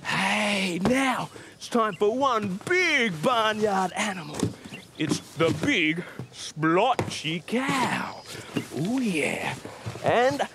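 A man presenting a children's show, animated and playful, making animal noises for young viewers. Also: high voice, extremely slow, noisy background.

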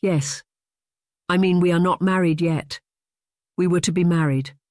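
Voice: mid-range voice, fairly even intonation, unhurried, darkish tone, no room sound, studio quality, natural voice. A narrator voicing a sheltered young English noblewoman, prim and defiant with a trembling edge, in an audiobook. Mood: shaken. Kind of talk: audiobook character voice.

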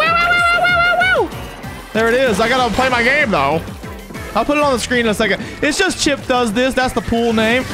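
A game streamer giving excitable, chatty live commentary on a match and talking to viewers in chat. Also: mid-range voice. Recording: game music playing behind the voice.

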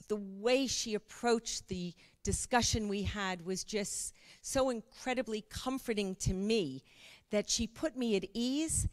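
An older woman, a cookbook author, telling a lively anecdote at an event and acting out the dialogue. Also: medium pitch. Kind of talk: storytelling talk at an event.

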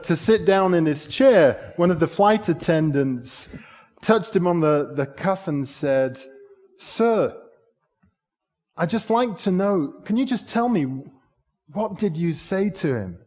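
A man gives a sermon in a church sanctuary, telling a story in an unhurried, deliberate way. His voice sits high for a man, and he turns to rhetorical questions to draw in his listeners. A long reverb from the hall trails after his words. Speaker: preacher.

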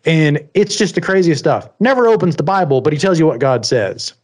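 A man co-hosting a podcast in casual chat, animated and quick to laugh as he tells stories. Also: fairly high pitch. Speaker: podcast co-host.

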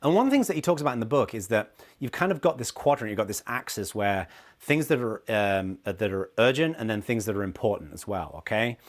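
A middle-aged leadership consultant gives a casual lesson talking to the camera, animated and acting out the people he quotes. His voice is fairly low, and he talks fast.

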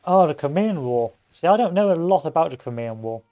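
A man's voice: on the high side, expressive, fairly quick, mellow. A man giving casual gameplay commentary, rambling off into history tangents and joking asides. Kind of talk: casual let's-play commentary.

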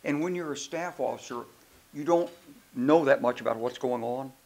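An older man, a retired general, telling anecdotes in an animated, emphatic way during a moderated conference interview. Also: medium pitch, moderate pace, vocal fry. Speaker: retired general, keynote speaker. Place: conference stage.

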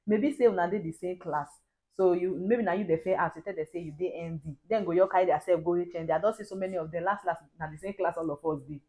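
A Nigerian woman telling, in a lively and animated way, the story of how she met her husband, chatting at home. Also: on the low side, quick pace, rough recording. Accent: Nigerian Pidgin. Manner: lively, animated storyteller who laughs often. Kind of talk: casual storytelling.

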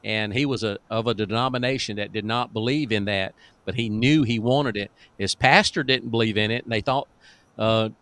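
A male pastor with a lowish voice tells deliverance stories in a folksy, emphatic way. He chuckles often as he talks. His preaching comes across as plain and conversational. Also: normal speed, a bit bright, no room sound.

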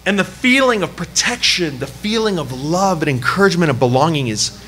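Bright-voiced man telling a sermon story. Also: on the high side, fairly quick. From Canada. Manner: animated, self-deprecating storytelling with laughs. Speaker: pastor. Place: church service.

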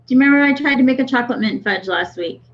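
A woman co-hosting a vaping livestream chats casually in a high, expressive, rapid-fire voice, laughing often and reading comments aloud. The stream audio is dull and lo-fi.

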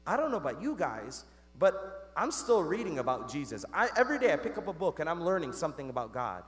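A man's voice: a little high, sing-song, fast, soft background music. A man giving a Catholic sermon in a conversational way, talking straight to the congregation and asking them questions. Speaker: Catholic priest. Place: church. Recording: long church reverb.

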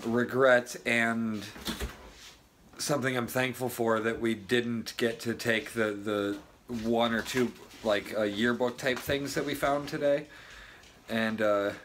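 A man hosting a vlog, chatting casually and reflecting out loud with frequent restarts. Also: medium pitch, slight background noise. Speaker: vlogger. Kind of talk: casual chat.

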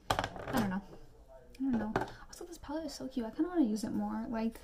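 A chatty young woman, a beauty vlogger, rants through a makeup tutorial, rambling with quick asides and mock-outraged tirades. Her voice is on the high side and expressive, with background noise in the recording.

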